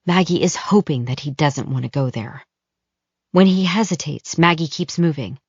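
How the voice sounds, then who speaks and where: A woman reading a thriller audiobook in scripted narration, measured and even, close to the mic, in dull lo-fi audio. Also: low-pitched, slightly rough, no echo.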